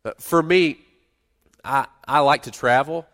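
A middle-aged man preaching a sermon in a conversational way, rising to loud emphasis and dropping to quiet asides. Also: on the high side, unhurried. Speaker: pastor.

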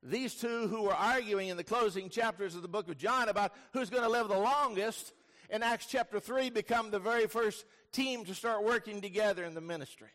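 A male pastor preaching a sermon, telling the story vividly, dropping to hushed lines and rising to loud bursts. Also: sits high, a little fast. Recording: long reverb of a large hall.

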